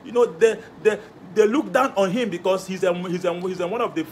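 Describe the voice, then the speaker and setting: Boastful Igbo-accented man, high voice. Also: brisk, slight background noise. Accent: Nigerian Igbo. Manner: boastful, rambling, animated. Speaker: comedian. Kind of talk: comedy skit.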